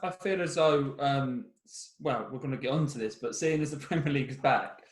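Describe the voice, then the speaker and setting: Brief: English man, podcast co-host, casual banter, mid pitch, echoey room. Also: fairly quick. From England. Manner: chatty, laughs often, self-mocking. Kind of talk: casual chat.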